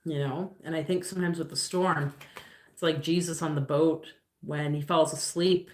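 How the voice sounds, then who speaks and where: A woman's voice: deep voice, steady tone, normal speed, echoey room. A woman doing a casual live card reading, musing aloud with lots of fillers and loose, rambling phrasing. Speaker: tarot reader on a livestream.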